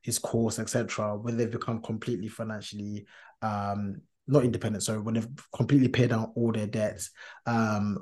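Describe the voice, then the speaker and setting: A man's voice: on the low side, level tone, fairly quick, a little mellow. A man hosting a casual podcast chat, earnest and talkative, with many fillers and restarts, laughing easily. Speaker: podcast host.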